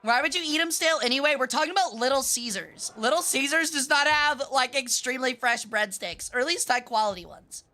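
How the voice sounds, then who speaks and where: A woman's voice: high-pitched, animated, fairly quick, hardly any pauses, sharp tone. A woman streaming a video game, chatting casually with her viewers and arguing with them in a playful, bratty, mock-outraged way. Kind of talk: casual gaming livestream chat.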